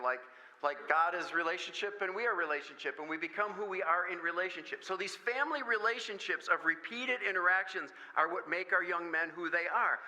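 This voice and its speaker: Man, high-pitched, very bright tone, animated storyteller, parent-meeting talk. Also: poor audio. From Michigan, USA. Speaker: guest speaker at a parent meeting. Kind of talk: lively talk with stories. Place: school meeting room.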